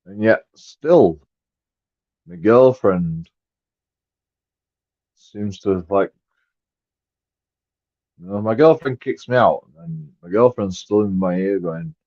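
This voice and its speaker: Low-voiced, swearing man. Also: lively intonation, takes it slowly, pauses often, no echo. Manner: rambling, profane, jumps between mumbled asides and loud outbursts. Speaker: live streamer. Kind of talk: rambling live-stream monologue. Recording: dry, dull lo-fi sound.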